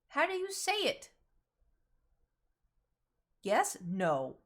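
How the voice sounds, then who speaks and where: A woman's voice: medium pitch, expressive, unhurried, long pauses, fairly bright tone. Young woman streamer, faint Southern accent, casual and talkative. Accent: slight Southern American. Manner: chatty, self-conscious about her pronunciation. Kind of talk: casual gaming stream chat.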